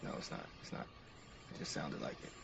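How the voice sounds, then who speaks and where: A man's voice: brisk, distant mic, noisy background. A man narrating each step of a game to his stream chat in an upbeat, casual way.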